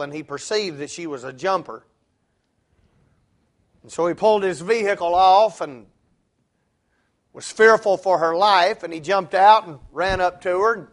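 A male preacher, delivering a sermon and telling a story with rising intensity. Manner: storytelling, rising in pitch and force for the punchline.

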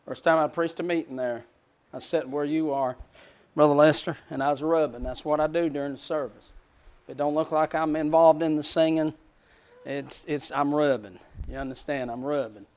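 A preacher with a high, bright voice delivers a sermon as a story. He moves from quiet, folksy narration to swelling, emotive peaks. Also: steady tone, moderate pace.

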